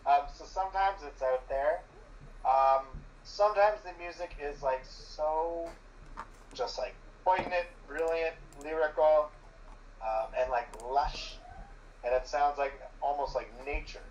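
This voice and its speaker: Rambling guest on a distant, dull mic. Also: male voice, fairly high pitch, measured pace, a little mellow, a little hiss or hum. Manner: enthusiastic, rambling, heavy with filler words. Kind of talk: casual chat.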